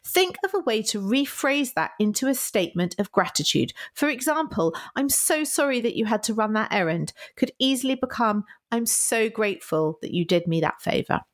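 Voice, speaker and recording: A woman in her thirties co-hosting a relaxed podcast, her voice sitting at an ordinary middle pitch. She laughs easily and slips into apologetic voices to act out quotes. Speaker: podcast co-host. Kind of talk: casual podcast chat.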